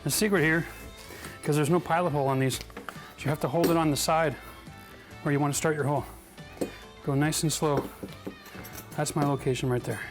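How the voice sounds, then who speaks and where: DIY host, man, higher than average voice, chatty and self-deprecating, clear music bed underneath. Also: steady tone, a little fast, pauses often. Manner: chatty, self-mocking, laughs at his own mistakes. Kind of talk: casual how-to narration. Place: bathroom under renovation.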